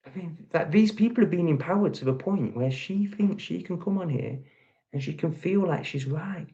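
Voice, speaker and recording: A man's voice: fairly high pitch, moderate pace, creaky, dark tone, lo-fi sound. A man from England with an English accent, ranting angrily and profanely at the critics in his reaction video. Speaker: vlogger. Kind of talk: angry reaction rant.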